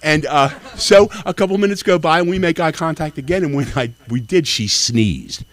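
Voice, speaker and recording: A man's voice: on the high side, moderate pace, dry recording. A man in his sixties from Tennessee, doing brash, profane stand-up at an open mic. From Nashville, Tennessee. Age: 60s. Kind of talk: stand-up comedy.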